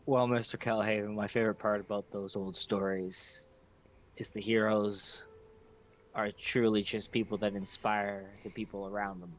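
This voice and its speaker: A man's voice: on the low side, level tone, measured pace, low-quality recording. A man speaking earnestly in character during a tabletop game. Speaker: player.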